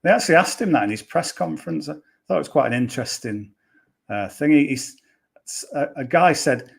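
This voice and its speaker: A man's voice: fairly high pitch, expressive, brisk, creaky, slightly rough. A man giving a casual golf betting preview on a podcast, rambling and chatty with plenty of fillers and restarts.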